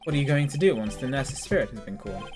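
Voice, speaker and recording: A man's voice: medium pitch, animated, fast talker, music in the background, lightly acted. A man voicing a young male lawyer in a game, in a dry, puzzled way close to his own voice. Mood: wry.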